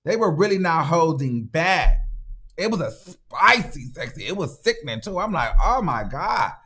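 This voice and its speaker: A man's voice: on the high side, big pitch swings, moderate pace, bright, forceful tone. Man dramatically retelling a movie. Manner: dramatic, slangy retelling with sound effects; emphatic, repeats lines for effect. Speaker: movie reviewer and channel host. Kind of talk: casual movie recap.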